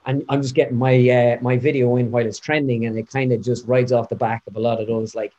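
Talking fast on a lo-fi recording, this young Irishman speaks in a mid-range voice with a Midlands accent. He's an impressionist appearing as an interview guest, and his chat is animated and rambling.

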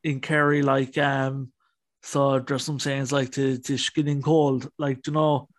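A man's voice: mid-range voice, flat delivery, a little slow, no echo. A man hosting an interview podcast, asking loose, rambling questions with fillers. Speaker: podcast host. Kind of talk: casual interview chat.

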